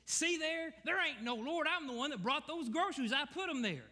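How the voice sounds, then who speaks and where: A preacher doing a jeering, high-voiced atheist neighbor. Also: male voice, lively intonation, moderate pace, sharp tone, full character voice. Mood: mocking. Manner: jeering, taunting. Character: mocking male atheist neighbor.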